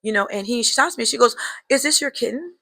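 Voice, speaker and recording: A woman's voice: on the high side, fast, bright, forceful tone, dry recording. A young woman telling a personal story to her viewers in a casual, chatty way, talking to them as girl and y'all and drawing a life lesson from it. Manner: reflective, draws life lessons.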